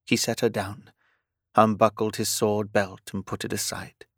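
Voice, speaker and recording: A man reading romance fiction as an audiobook narrator, even and measured. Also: on the low side, no room sound, studio quality.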